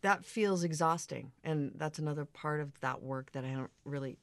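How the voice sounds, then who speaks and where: A woman's voice: sits low, moderate pace, dry recording. Woman radio host, thoughtful interviewer, close dry studio sound. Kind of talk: conversational interview.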